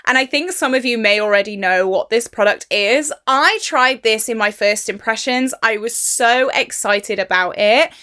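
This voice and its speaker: A woman's voice: fairly high pitch, moderate pace, hardly any pauses, sharp tone. A young woman chatting through a makeup review vlog, emphatic and exasperated about a product. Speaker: beauty YouTuber.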